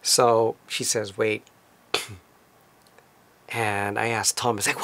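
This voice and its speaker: A man casually recounting a trip as a vlogger, in a relaxed, conversational storytelling manner. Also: fairly low pitch, takes it slowly. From lives in Tokyo. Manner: relaxed, conversational retelling with fillers.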